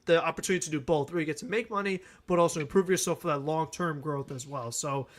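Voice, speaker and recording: A man's voice: a little high, fast talker. A man co-hosting a sports podcast, talking earnestly and at length about his team and laughing easily. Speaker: podcast co-host. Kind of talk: casual sports talk.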